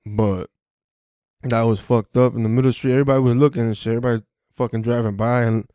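A man's voice: medium pitch, steady tone, fast, warm tone, no echo, studio quality. A young man hosting a podcast, recounting a personal story in casual street slang, swearing freely and restarting his sentences often. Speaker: podcast host.

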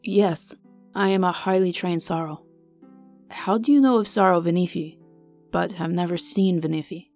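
A woman reading the lines of a calm, courtly elvish king in a smooth, unhurried voice. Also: lowish voice, faint music behind, natural voice. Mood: composed. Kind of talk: audiobook character reading.

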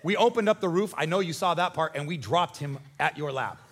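A man preaching a sermon as pastor, animated and conversational, joking and acting out voices. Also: a little high, fairly quick, husky. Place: church.

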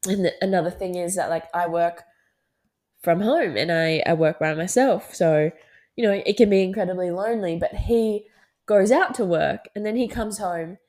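A woman in her twenties with an Australian accent, talking candidly and casually about her own life, with many fillers and soft laughs. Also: fairly low pitch, moderate pace. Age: 20s. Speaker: podcast host. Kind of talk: casual personal talk.

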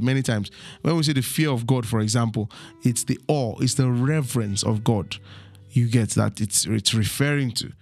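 A man with a voice of ordinary pitch teaches from the Bible, reading passages and breaking them down for his listeners. He keeps asking them to fill in the missing word and checking that they are following along. Soft instrumental music plays faintly underneath. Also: normal speed.

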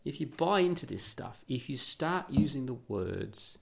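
Man, Australian accent, gravelly, indignant, sarcastic, swearing, solo podcast rant, mid pitch. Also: very animated, a little slow. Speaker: podcast host. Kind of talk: solo ranting monologue.

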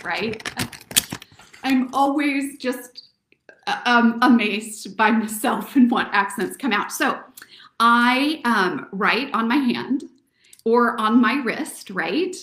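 A woman with a fairly high voice gives an encouraging motivational talk, speaking warmly to her listeners as friends. Her voice rings with the echo of a live room. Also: expressive, slow pace. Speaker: host. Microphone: recorded to camera.

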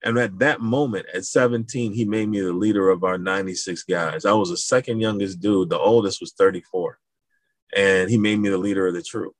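A middle-aged man from Madison, Wisconsin with a low voice, recorded dry and close. He tells his stories in a casual, animated way. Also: a little fast, no room sound. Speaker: guest, school founder. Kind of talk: casual storytelling interview.

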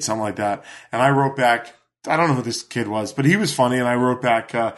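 A man's voice: mid-range voice, quick pace, a bit bright. A man in his forties co-hosting a podcast, talking in casual chat, blunt and profane, his voice climbing when he gets worked up. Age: 40s. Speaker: podcast co-host.

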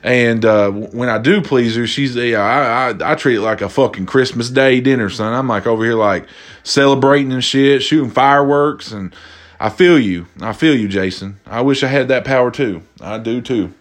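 Man, young adult, casual monologue, profane, animated, mid pitch. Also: normal speed. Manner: animated, profane, acts out quoted voices.

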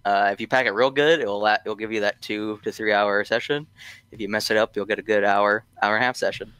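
A man's voice: on the low side, steady tone, quick pace, sharp tone, smooth, dry recording. A man guesting on a podcast, talking casually and hesitantly with many ums and restarts. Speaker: guest from a tobacco brand.

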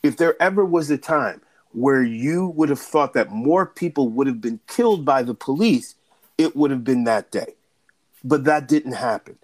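A man's voice: mid-range voice, animated, moderate pace. Guy analyst talking policing, pushy rhetorical questions, keeps saying okay and right. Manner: emphatic, fires repeated rhetorical questions. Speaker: political and legal analyst. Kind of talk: candid discussion.

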